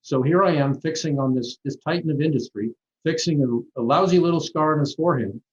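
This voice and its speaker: A middle-aged man, a plastic surgeon, talking through patient stories in a relaxed, rambling interview with frequent restarts. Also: on the high side, a little fast. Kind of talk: conversational interview storytelling. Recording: dull lo-fi audio.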